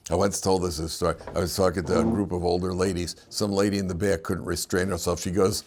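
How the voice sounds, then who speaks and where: Creaky-voiced male rabbi telling stories. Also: low voice, a little fast, a little hiss or hum. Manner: animated, chuckling storyteller, mixes Hebrew terms into English. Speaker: rabbi teaching the weekly Torah portion. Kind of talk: lecture with humorous storytelling.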